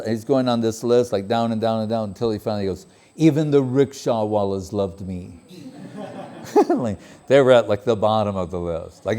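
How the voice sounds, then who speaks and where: A spiritual speaker with a mellow, relaxed voice delivers a talk in story form. He laughs often and quotes other people in a raised, higher voice.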